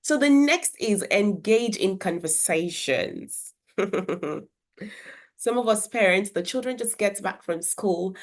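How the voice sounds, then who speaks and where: A woman's voice: medium pitch, animated, slow. Earnest woman teaching parents. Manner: earnest, explanatory, with brief demonstrations of character voices. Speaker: children's communication educator. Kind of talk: instructional talk to parents.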